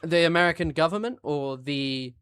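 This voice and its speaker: A man's voice: fairly high pitch, normal speed, fairly bright tone, clear, resonant tone, dry recording, studio quality. A man streaming live, reading out viewer chat and answering it in an offhand, blunt way. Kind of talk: casual livestream chat.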